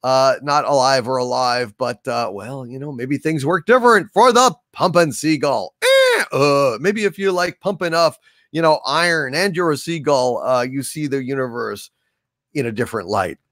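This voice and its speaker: Theatrical older man, lively pitch. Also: moderate pace, no echo, studio quality. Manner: theatrical, grandiose proclamations. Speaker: livestream host reading super chats. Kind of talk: casual livestream chat.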